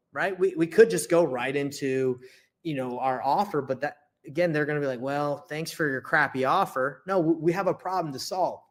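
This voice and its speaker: A young man casually teaching how to run sales calls, talking loosely with lots of restarts and quick check-ins. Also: a little high. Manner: loose and chatty, lots of restarts and "right?" tags. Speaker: real estate wholesaling coach. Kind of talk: casual teaching with role-played call examples.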